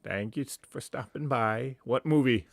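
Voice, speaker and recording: A man's voice: medium pitch, moderate pace, creaky, dry recording, studio quality. A man hosting a casual livestream, chatty and laughing often as he greets viewers by name. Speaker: livestream host.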